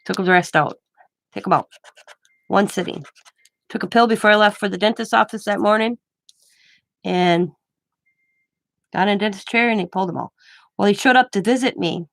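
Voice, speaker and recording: A woman's voice: medium pitch, normal speed, vocal fry, long pauses, dry recording. Chatty older woman telling stories. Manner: rambling and anecdotal, laughing often. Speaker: craft channel host. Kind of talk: casual storytelling chat.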